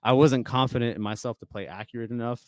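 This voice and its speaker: A man's voice: medium pitch, fairly even intonation, fast, darkish tone, no echo. A young man telling stories as a podcast guest in a casual, rambling way, full of fillers and restarts. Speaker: guest musician.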